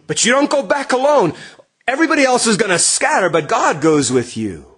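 A middle-aged male pastor preaching earnestly, swinging from emphatic lines to hushed, quiet passages. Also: very high voice, big pitch swings, fairly quick, breathy edge. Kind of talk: sermon.

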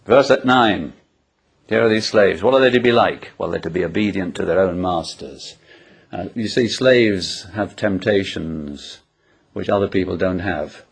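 A man's voice: low voice, unhurried, gravelly, slightly rough. A man preaching an expository sermon, asking the congregation rhetorical questions and illustrating points with personal anecdotes.

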